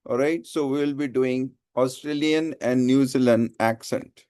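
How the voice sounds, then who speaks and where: A man's voice: mid-range voice, steady tone, a little slow, warm tone, clear, resonant tone, no room sound, clean studio sound. A man teaching a live class, asking his students questions as he goes. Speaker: IELTS teacher.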